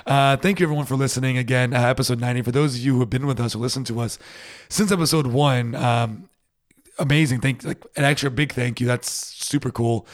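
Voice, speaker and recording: A man's voice: medium pitch, fairly even intonation, brisk. A man co-hosting a podcast in casual chat, rambling and laughing often. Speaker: podcast co-host.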